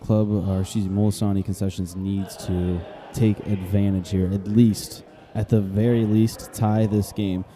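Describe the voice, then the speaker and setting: A man calling a live bocce match as play-by-play commentator, talking in a hushed golf-style voice and often repeating himself for effect. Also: fairly low pitch, level tone, normal speed, few pauses, slight background noise.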